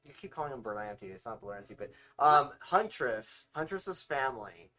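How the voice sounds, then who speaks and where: A man co-hosting a casual film review with his wife, relaxed, correcting names and filling in plot points. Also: mid-range voice, moderate pace.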